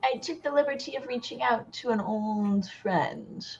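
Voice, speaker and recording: A woman's voice: on the high side, normal speed, creaky, muffled recording, slight background noise. A woman voicing a mischievous female bartender who enjoys winding people up, in a tabletop game. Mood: teasing. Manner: sly, amused, teasing.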